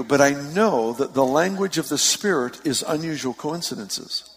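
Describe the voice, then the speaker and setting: A gravelly-voiced man preaches in a storytelling way, building to excited emphasis and laughing easily. His voice rings out with a long hall reverb. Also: on the high side, normal speed, hardly any pauses, a little hiss or hum. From San Francisco Bay Area. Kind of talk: sermon.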